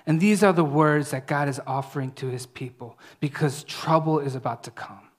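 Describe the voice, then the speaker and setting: A preacher giving a conversational sermon, often checking in with the listeners and dropping to a soft, hushed voice when reading scripture. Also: medium pitch, normal speed. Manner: conversational, often asks "right?".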